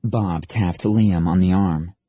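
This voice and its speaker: Male audiobook narrator, low and husky, steady measured read, dry dull recording. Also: no room sound. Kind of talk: scripted narration.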